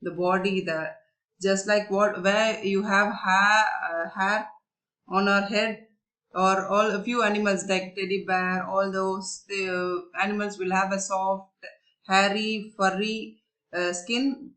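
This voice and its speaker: A woman's voice: mid-range voice, level tone, takes it slowly, a bit bright. A woman teacher explaining a story to young children, repeating herself, searching for words and asking them questions.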